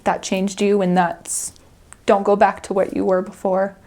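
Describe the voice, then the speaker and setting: A woman's voice: medium pitch, level tone, a little slow, darkish tone. A young adult woman, a returned missionary, speaking earnestly and chattily in an interview and often breaking into laughter. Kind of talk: interview reflection.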